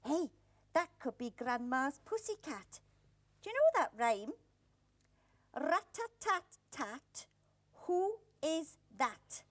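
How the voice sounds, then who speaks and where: A woman's voice: high voice, big pitch swings, slow, pauses often, dry recording, full character voice. A woman voicing a cheeky, curious puppet bird on a children's show, coy and eager.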